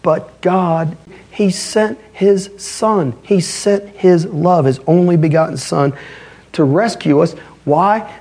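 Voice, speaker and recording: A man's voice: sits high, takes it slowly, a little mellow, slightly rough. A male pastor delivering a sermon in an emphatic, conversational way.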